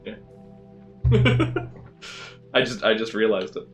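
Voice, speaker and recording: A man's voice: lowish voice, wildly swooping pitch, very slow, soft background music. Chatty, laughing male streamer. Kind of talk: let's play commentary.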